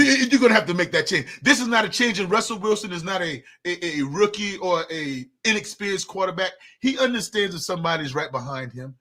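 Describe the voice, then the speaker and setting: A man's voice: high-pitched, bright, forceful tone. A man co-hosting a sports talk show, arguing emphatically and repeating words as he gets going. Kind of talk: casual sports debate.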